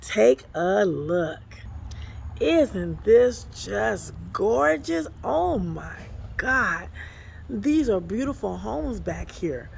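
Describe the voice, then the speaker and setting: A woman's voice: mid-range voice, sing-song, drawn-out words, vocal fry, darkish tone, a little hiss or hum. A woman apostle giving a casual devotional talk to her phone camera outdoors by the water, folksy and exclamatory, calling listeners honey and y'all. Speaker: apostle and ministry overseer. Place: outdoors by water behind an apartment complex. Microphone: phone camera, self-filming.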